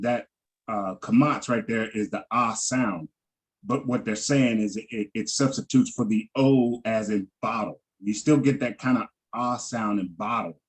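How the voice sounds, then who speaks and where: A man teaching a Hebrew vowel lesson over a video call, halting and repeating words and often checking in with "right?". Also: lowish voice, low-quality recording.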